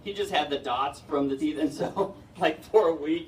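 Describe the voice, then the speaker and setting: A middle-aged man tells stand-up stories in a slightly high voice, chatty and self-deprecating, often chuckling. He is heard from a distance in an echoey indoor hall, with faint ambient noise behind him. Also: fairly even intonation, brisk, few pauses, darkish tone. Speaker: stand-up comedian. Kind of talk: stand-up comedy storytelling.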